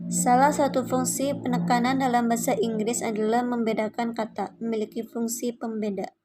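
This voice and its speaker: A young Indonesian-accented woman reads her part of a class presentation in a steady, read-aloud way. Her voice sits fairly high but stays level, with a mellow, soft tone. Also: low-quality recording. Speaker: student presenter.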